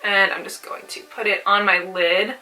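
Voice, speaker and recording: Chatty young woman, bright voice. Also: mid-range voice, flat delivery, moderate pace, distant mic, soft background music. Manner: chatty, fills speech with "like". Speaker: beauty vlogger. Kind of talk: casual chat during a makeup tutorial.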